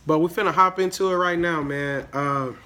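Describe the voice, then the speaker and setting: Young male host, slightly sick, bright forceful voice, slangy hype talk. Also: fairly high pitch, moderate pace. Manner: hyped, slangy, repeats words and says "man" often. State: a little sick. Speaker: daily fantasy sports video host. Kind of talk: casual solo video commentary.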